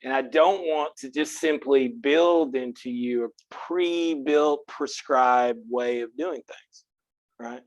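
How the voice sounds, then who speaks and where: A man from Texas teaching a college philosophy class, frank and earnest and quick to crack a joke, recorded on a close mic in a classroom. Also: mid-range voice, no echo, highs cut off. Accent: Texan. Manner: earnest, frank, joking, speaks directly to students. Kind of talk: classroom lecture.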